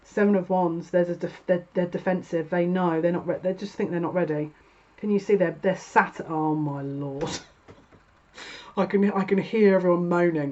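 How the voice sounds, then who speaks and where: A woman's voice: lowish voice, fairly even intonation, normal speed, darkish tone, dull audio. Chatty woman reading tarot. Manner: chatty, exasperated, laughing asides. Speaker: tarot reader.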